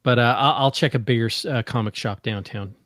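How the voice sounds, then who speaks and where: Male podcast co-host, mid pitch, hesitant and filler-heavy, dry sound. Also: fairly quick, a bit bright, no room sound. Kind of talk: casual podcast chat.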